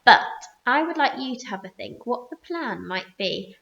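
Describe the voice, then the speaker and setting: A woman teacher reading a children's story aloud with expressive storytelling. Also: a little high, normal speed, vocal fry. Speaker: primary school teacher. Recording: roomy muffled recording.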